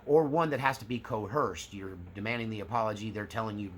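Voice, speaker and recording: A man's voice: on the low side, fairly quick, slight background noise. A man hosting his own channel, talking casually and acting out examples as he explains. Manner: conversational, acts out examples. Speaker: channel host. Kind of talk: casual talk to camera.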